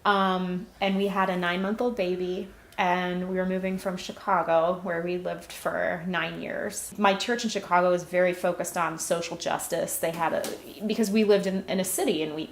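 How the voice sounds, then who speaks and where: A woman in her thirties giving an earnest personal testimony as a church volunteer, telling her story with soft laughs. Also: lowish voice. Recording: roomy, echoey sound.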